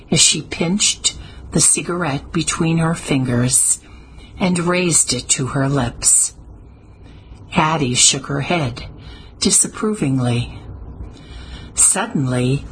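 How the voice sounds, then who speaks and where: Brief: woman audiobook narrator, low voice, unhurried, measured delivery. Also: a little hiss or hum, poor audio. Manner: measured, even storytelling. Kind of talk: scripted narration.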